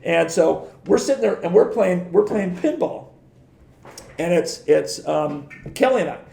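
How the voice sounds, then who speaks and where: A man's voice: high-pitched, lively intonation, unhurried, vocal fry, warm tone, echoey room. A middle-aged man, a guest on a podcast, telling rambling stories in a casual way, with many restarts. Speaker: guest, former pro surfer and surf industry rep. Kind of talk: casual storytelling.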